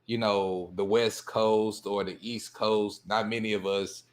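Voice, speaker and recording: Laid-back low-voiced Southern man. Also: flat delivery, unhurried. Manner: rambling, laid-back storyteller. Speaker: podcast guest. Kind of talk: casual podcast discussion.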